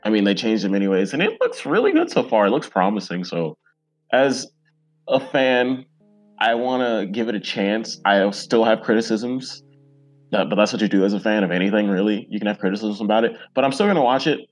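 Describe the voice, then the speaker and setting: A man's voice: on the low side, very animated, a little fast, faint music behind. A man in his twenties, a guest on a podcast, chatting casually and eagerly with lots of fillers. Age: 20s. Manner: rambling and eager, many fillers. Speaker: podcast guest, comic creator.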